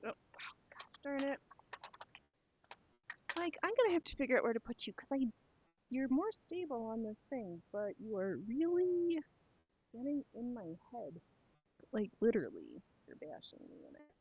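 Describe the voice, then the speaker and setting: A woman's voice: on the high side, big pitch swings, normal speed, pauses often, darkish tone, breathy edge, dry recording, muffled recording. A woman chatting casually to her live stream while sewing, rambling and talking to herself and her pets.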